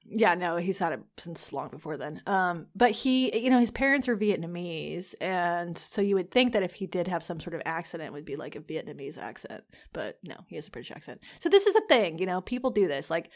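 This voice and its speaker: A woman's voice: lowish voice, big pitch swings, brisk, hardly any pauses. A woman co-hosting a podcast in casual chat, talking with lots of fillers and restarts. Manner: chatty, many fillers and restarts. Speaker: podcast co-host.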